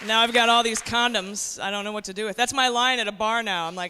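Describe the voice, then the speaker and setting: A brash woman in her forties works the crowd in a stand-up set, her voice bright and cutting. It rings out with a long hall reverb over a faint background hiss. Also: fairly high pitch, quick pace, few pauses. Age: 40s. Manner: brash, conversational, addresses crowd directly. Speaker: stand-up comedian. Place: comedy club stage.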